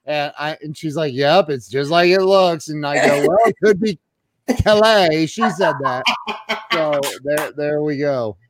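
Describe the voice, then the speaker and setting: A man's voice: on the high side, a little slow. A man hosting a casual live-stream interview, jokey and chatty, greeting viewers by name. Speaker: podcast host.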